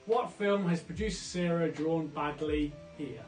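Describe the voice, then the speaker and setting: Chatty, jokey quiz host. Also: male voice, fairly high pitch, unhurried, darkish tone, echoey room, faint music behind. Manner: chatty, jokey, goes off on tangents. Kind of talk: live online pub quiz hosting.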